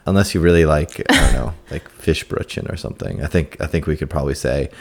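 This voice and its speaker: A man's voice: very deep voice, fast talker, vocal fry. A man co-hosting a casual podcast chat, hedging and often repeating his words. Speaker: podcast co-host.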